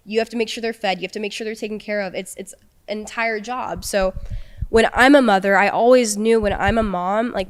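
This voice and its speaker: A young woman speaks as a podcast guest, recounting her own experiences. Her voice is smooth and clear at a middle pitch. She talks haltingly, restarting phrases and leaning on fillers. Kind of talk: personal storytelling.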